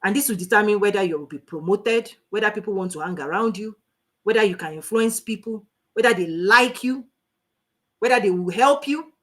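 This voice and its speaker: A Nigerian woman teaching a live online coaching class in an animated, preachy way, laughing often. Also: mid-range voice, a little fast. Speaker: life coach.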